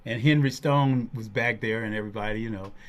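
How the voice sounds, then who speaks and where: A man hosting an interview, telling stories in an animated way and laughing often. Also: on the low side, brisk. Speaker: host. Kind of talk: casual interview storytelling.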